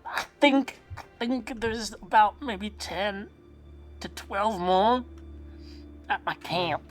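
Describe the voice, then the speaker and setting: A woman's voice: medium pitch, slow, faint music behind, natural voice. A woman voicing a scrappy, hungry male goblin, blunt and fawning.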